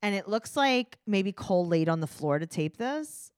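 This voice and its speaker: A woman's voice: medium pitch, animated, normal speed, clean tone, no echo. A woman chats casually on a podcast, recapping reality TV with a sarcastic edge. Her voice swoops up and down freely. The recording is dry and close, with no room sound. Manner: sarcastic, acts out voices of people on the show. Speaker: podcast co-host.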